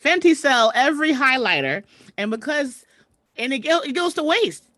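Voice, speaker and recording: A woman's voice: sits high, sing-song, moderate pace, no echo. Chatty woman host on a video call, voice jumps up and down a lot, dry close sound. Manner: chatty, shouting out viewers. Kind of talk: casual livestream chat. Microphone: computer mic on a video call.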